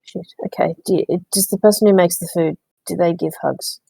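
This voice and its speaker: A woman player at a tabletop game, talking in character in a hesitant way with many pauses. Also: fairly low pitch, steady tone, creaky, dark tone, slightly rough, no room sound, low-quality recording.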